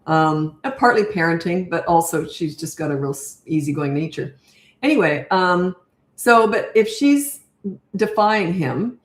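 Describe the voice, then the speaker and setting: An older woman, a parenting coach, answering viewer questions in a chatty, direct way. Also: mid-range voice. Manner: chatty and direct, reads comments aloud. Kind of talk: live Q&A answering viewer comments. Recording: echoey room.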